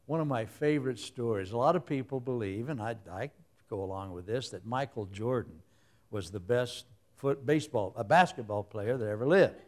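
A man preaching with a somewhat high voice. He keeps it light, tells jokey stories and throws in his own sound effects. He often laughs along with the congregation. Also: darkish tone. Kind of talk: humorous sermon.

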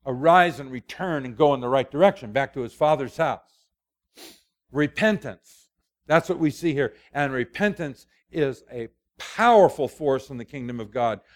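A man's voice: medium pitch, lively intonation, normal speed. An older man, a preacher, giving a conversational sermon in a folksy, storytelling way with asides.

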